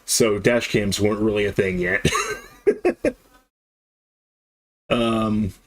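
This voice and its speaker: Taking it slowly in a fairly low voice, a thirtysomething game streamer tells a long, meandering story on his live stream. He's an animated storyteller, performing the characters' dialogue along the way.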